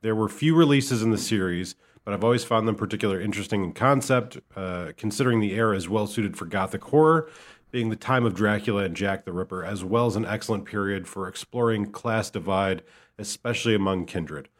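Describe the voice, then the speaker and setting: A man co-hosting a podcast with a Midwestern American accent, talking in a relaxed, rambling, self-deprecating way. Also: lowish voice, brisk. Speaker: podcast co-host. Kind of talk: casual chat.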